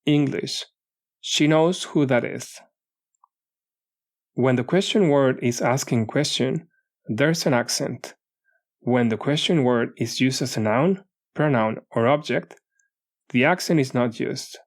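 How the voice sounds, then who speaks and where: A man narrating a language lesson audiobook, reading paired example phrases in a measured way. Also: medium pitch.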